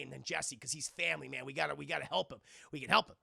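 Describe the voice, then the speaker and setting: High gravelly dude ranting thru a movie recap to chat, bright and punchy, dry mic. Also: male voice, very fast, few pauses, no room sound. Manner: animated, profane, talks to chat, acts out characters. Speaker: streamer reviewing a film. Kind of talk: casual scene-by-scene recap to a live chat.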